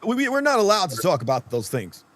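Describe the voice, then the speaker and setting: Man, podcast co-host, teasing, sarcastic, animated. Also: sits high, fast. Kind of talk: casual chat.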